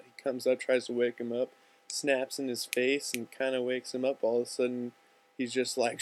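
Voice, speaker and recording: A young man telling a story in a loose, rambling, profane way. His voice sits at an ordinary middle pitch, and his delivery stays casual throughout. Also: little pitch movement, normal speed, darkish tone.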